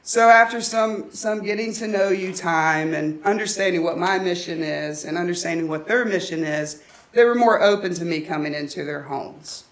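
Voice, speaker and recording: A woman tells a story to a conference audience. Her delivery is humorous and anecdotal, and she keeps the tale lively. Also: fairly low pitch, moderate pace. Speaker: conference presenter. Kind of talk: storytelling presentation. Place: conference room.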